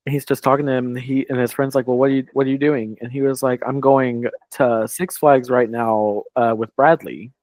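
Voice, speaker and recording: Male podcast co-host, mid-pitch, rambling anecdote, dry booth sound. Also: steady tone, a little fast, few pauses, a little mellow, no room sound. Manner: rambling, heavy on "like", quoting others. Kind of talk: casual storytelling chat.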